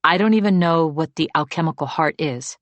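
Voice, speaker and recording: A woman's voice: deep voice, brisk, no echo, natural voice. A woman reading an audiobook, voicing an anxious young woman who speaks urgently and pleads. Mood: puzzled.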